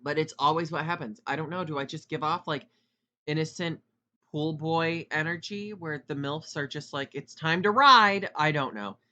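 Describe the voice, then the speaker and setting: A man in his twenties hosting a casual solo podcast, talking fast and loud with rambling asides. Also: fairly high pitch, lo-fi sound, a little hiss or hum. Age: 20s. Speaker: podcast host.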